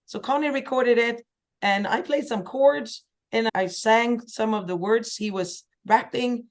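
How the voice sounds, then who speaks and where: A woman from Sweden, a singer-songwriter guest telling lively stories in a casual podcast chat. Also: unhurried. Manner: lively storyteller, acts out quoted voices with big pitch jumps.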